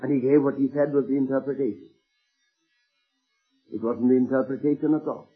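A man preaching a sermon, earnestly retelling anecdotes and slowing down to stress key words. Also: mid-range voice, fairly even intonation, slightly rough, soft background music. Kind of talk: sermon storytelling. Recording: tinny phone-like old sermon tape.

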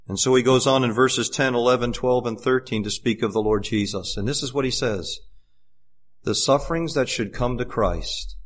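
A man preaching a sermon as pastor, swinging from fervent, rising appeals to hushed, intimate passages, and repeating words when he gets fired up. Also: medium pitch.

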